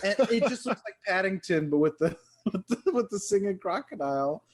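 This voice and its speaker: A writer co-hosting a film podcast in casual chat. He rambles, stops to correct himself and giggles a lot. His voice sits a little on the high side. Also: lively intonation, fairly quick.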